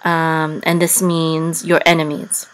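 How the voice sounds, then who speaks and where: A woman teaching Hebrew reading and Torah chanting, explaining step by step with many pauses and sung examples. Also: deep voice, monotone, a little hiss or hum, rough recording. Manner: patient, step-by-step, many ums, breaks into sung trope.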